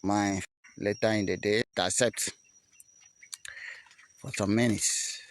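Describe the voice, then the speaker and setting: A man's voice: on the low side, steady tone, takes it slowly. A man with a Nigerian accent giving an impassioned broadcast address as an activist, in a preaching, repetitive chanting cadence.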